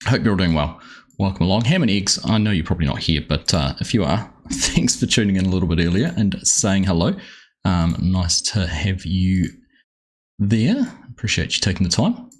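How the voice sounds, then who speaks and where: Husky, low-voiced Australian man streaming. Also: lively intonation, moderate pace. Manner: chatty and rambling, greeting viewers by name. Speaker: game streamer. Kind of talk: casual live-stream chat.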